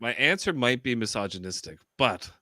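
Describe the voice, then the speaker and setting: Insistent man, bright dry voice. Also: medium pitch, very animated, moderate pace, no room sound. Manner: defensive, insistent. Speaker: debater. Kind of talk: casual comedic debate.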